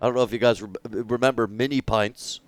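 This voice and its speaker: A man's voice: mid-range voice, steady tone, fairly quick, dry recording. A young man streaming a video game, joking crudely and rambling in casual commentary.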